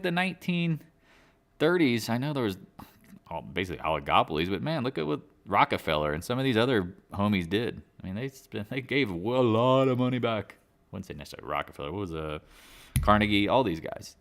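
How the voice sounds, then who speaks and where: A man's voice: lowish voice, expressive, a little fast, a bit bright. A man hosting a live market chat stream in a casual, rambling way, drifting off on tangents and slangy asides. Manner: loose, slangy. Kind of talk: casual livestream market commentary.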